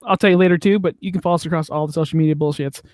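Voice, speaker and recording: A man's voice: a little high, fairly even intonation, rapid-fire, a little mellow, no room sound. A man co-hosting a podcast, easygoing and laughing often in casual chat. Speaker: podcast co-host.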